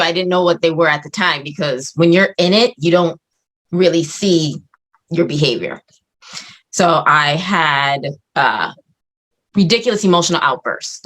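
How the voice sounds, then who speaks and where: A woman in her forties telling a personal story candidly, swearing freely and acting out her own reactions. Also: sits low. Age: 40s. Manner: profane, animated, acts out her own reactions. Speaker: podcast guest.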